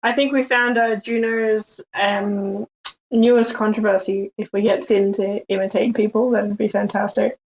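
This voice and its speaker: A woman's voice: medium pitch, flat delivery, normal speed. A woman on an online panel, wry and hesitant with many fillers. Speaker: guest panelist. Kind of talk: casual online panel chat. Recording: dull lo-fi call audio.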